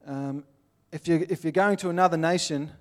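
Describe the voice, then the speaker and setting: A man's voice: a little high, moderate pace. An Australian man giving an earnest, plainspoken sermon, with little acted-out scenes. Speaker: pastor.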